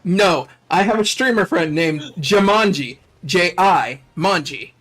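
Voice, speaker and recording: A man's voice: high-pitched, lively intonation, measured pace, fairly bright tone. A man chatting casually on a livestream, teasing and laughing often. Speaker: streamer.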